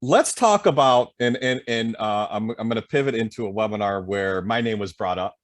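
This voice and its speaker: A man's voice: on the low side, normal speed. A man hosting a podcast interview, a self-employed consultant talking bluntly and casually. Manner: blunt, conversational, swears casually.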